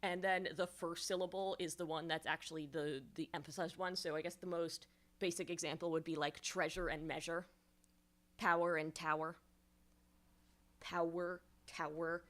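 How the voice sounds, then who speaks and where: A woman's voice: on the low side, steady tone, brisk. A woman giving casual songwriting feedback on a livestream, rambling and explanatory with many fillers and restarts.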